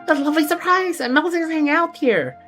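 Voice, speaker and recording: A woman voicing a tiny, bubbly female floating companion sprite in a game, speaking in an excited, chirpy way. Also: high-pitched, quick pace, soft background music, voice pushed up.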